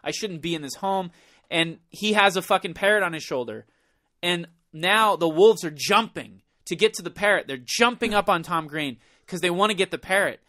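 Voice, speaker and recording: A man co-hosting a podcast, telling a story in casual chat, animated and profane, acting out his own panicked thoughts. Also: high voice, normal speed, no echo, clean studio sound. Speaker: podcast co-host.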